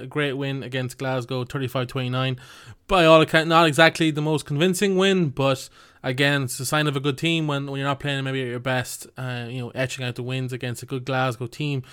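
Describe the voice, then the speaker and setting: A man hosting a casual sports podcast, relaxed and jokey as he leads the discussion. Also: mid-range voice, fairly quick, smooth. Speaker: podcast host.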